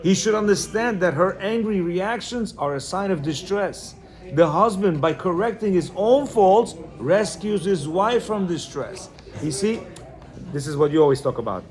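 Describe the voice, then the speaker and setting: A man's voice: high-pitched, animated, normal speed, darkish tone. A man teaching a religious class, reading from a book and explaining each passage in plain words and checking in with his listeners. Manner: talks in bursts with many restarts.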